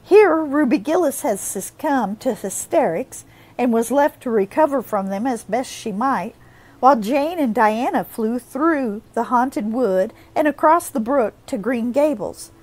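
A woman narrating a classic novel as an audiobook, with expressive storytelling. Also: a little high, a little slow, rough recording.

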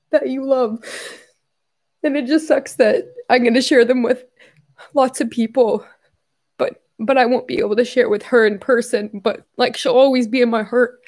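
A woman's voice: high voice, darkish tone. Tearful young woman chatting on a livestream. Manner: emotional, swears often, reads viewer messages. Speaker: YouTuber hosting a livestream. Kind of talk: casual livestream chat.

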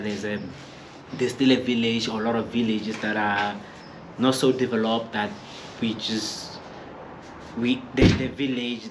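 A man's voice: lowish voice, background noise. Rambling South African man telling stories. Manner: rambling, hesitant, repeats words. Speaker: vlogger. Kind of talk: casual storytelling to camera.

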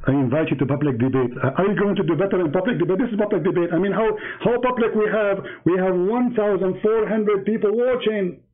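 A man hosting a heated live debate, mocking and taunting his opponent in broken English. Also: sits high. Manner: broken, non-native English grammar. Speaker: debate host. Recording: tinny phone-like line.

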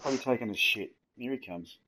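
A man's voice: mid-range voice, fast talker, bright, forceful tone, slight background noise. A young man giving casual gameplay commentary, joking and swearing with friends. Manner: swearing, laughing banter. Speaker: gaming host.

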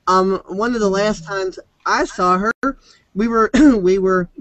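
A man's voice: high voice, fairly even intonation, slow pace, fairly bright tone, no room sound, poor audio. A man talking casually and at length on a video call, rambling and full of fillers.

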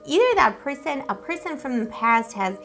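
Playful tarot-reading woman, slightly high voice. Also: sing-song, normal speed, a bit bright, faint music behind. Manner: playful, affectionate, rambling with pet names; giggly, self-teasing. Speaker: tarot reader. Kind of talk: casual tarot reading to camera.

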